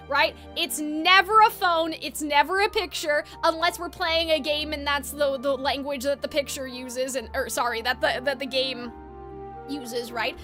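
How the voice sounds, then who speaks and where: Woman, streamer, casual live chat, rambling, self-correcting, high-pitched, faint music behind. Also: moderate pace, bright, forceful tone. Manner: rambling and chatty, often correcting herself.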